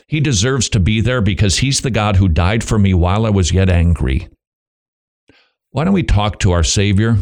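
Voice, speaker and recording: A man hosting a Christian radio talk show, preaching emphatically with rhetorical questions and quick bursts of speech. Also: lowish voice, a little mellow. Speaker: radio host. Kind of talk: preaching on biblical parenting.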